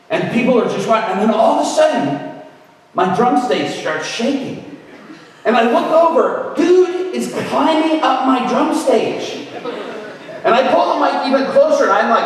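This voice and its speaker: Animated storytelling preacher man. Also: very high voice, moderate pace. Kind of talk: storytelling sermon. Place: event venue. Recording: echoey hall from far off.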